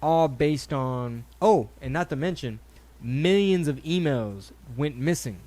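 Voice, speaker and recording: A man hosting a laid-back podcast conversation. He tells stories with animated energy, slipping into voices when he quotes people. His talk is loose and full of swearing. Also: a little high, a little slow. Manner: animated storyteller, acts out quotes, swears freely. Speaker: podcast host. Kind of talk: casual chat.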